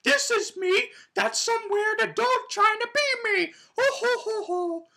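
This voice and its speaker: A man voicing a small boy in a very high, cartoonish squeak that giggles. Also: measured pace, creaky, sharp tone, exaggerated voice. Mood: taunting.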